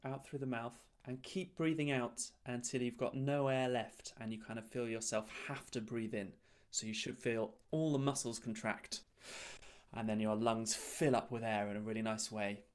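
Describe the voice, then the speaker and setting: A man leading a choir's breathing warm-up over a video call, giving calm, encouraging step-by-step instructions. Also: mid-range voice, normal speed, smooth. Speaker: choir leader.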